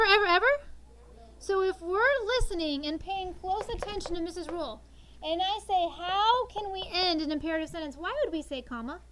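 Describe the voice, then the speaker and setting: A woman in her thirties teaching sixth grade in a classroom, animated and coaxing, drawing call-and-response answers from her students. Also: very high voice.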